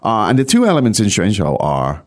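A man with a fairly low voice talks through a language lesson like a podcast host. His pitch moves around a lot as he explains, with plenty of fillers. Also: huge pitch swings, brisk. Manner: chatty, explaining with frequent uh fillers.

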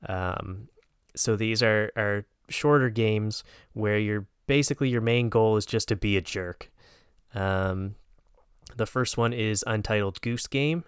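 A man co-hosts a relaxed podcast chat, his voice smooth and resonant. He hesitates often, restarting sentences and filling gaps with ums. The recording is dry and close. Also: fairly low pitch, measured pace, dry recording. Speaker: podcast co-host.

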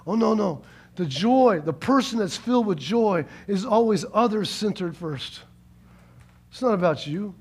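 A male pastor gives an animated sermon in a husky voice that sits high. He repeats words for emphasis, acts out quotes, and swings between quiet, slow lines and loud shouts.

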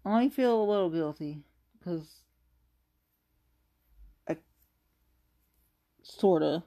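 Woman, casual profane rant to camera, low voice with big pitch swings. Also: expressive, takes it slowly, warm tone. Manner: profane, exasperated, talks to the viewer directly.

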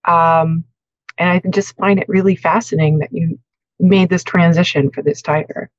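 A woman's voice: lowish voice, steady tone, normal speed, dry recording. Enthusiastic woman host, dull dry mic. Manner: enthusiastic, gushing. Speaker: podcast co-host. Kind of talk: casual interview chat.

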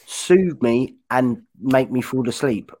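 A man of middle pitch chats on a podcast as co-host. He rambles into stories, trails off and picks the thread back up. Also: animated, takes it slowly, darkish tone. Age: young adult or older. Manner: chatty, rambling storyteller who trails off and restarts. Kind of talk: casual chat.

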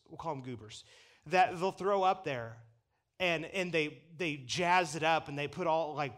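A man preaching a sermon from the pulpit, animated and chuckling as he acts out the people he quotes. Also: on the high side. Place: church pulpit.

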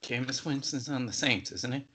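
A young man co-hosting a casual debate, calm and teasing as he pushes back. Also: mid-range voice, normal speed, slightly rough. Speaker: co-host.

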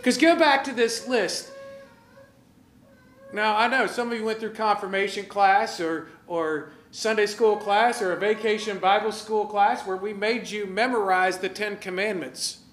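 A man preaching a sermon in a lively, conversational way, asking his listeners questions and directing slides. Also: sits high, measured pace, roomy sound, a little hiss or hum. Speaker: pastor.

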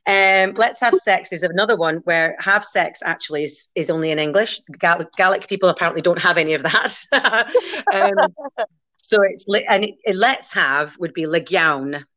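A woman with a Scottish accent, chatting casually and teaching Gaelic words in a fast, playful way that keeps breaking into laughter. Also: on the low side, pushed and bright, lo-fi sound. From Scotland. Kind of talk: casual podcast chat.

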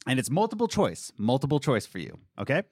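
A man's voice: medium pitch, fast, husky, dry recording, clean studio sound. A man hosting a casual podcast, reading out quiz questions and joking with his guests. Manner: animated, laughing, quizzing a guest. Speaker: podcast host.

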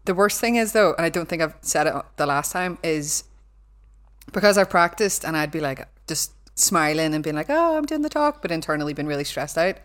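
A woman's voice: low-pitched, a little fast, fairly bright tone. A woman with a Belfast accent, a guest lecturer telling candid stories in a casual podcast chat, swearing and laughing often.

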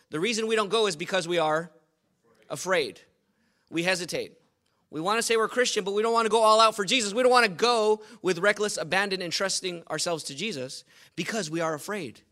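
Bright high-voiced male pastor preaching. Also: a little fast. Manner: asks the congregation questions, emphatic repetition. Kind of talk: sermon.

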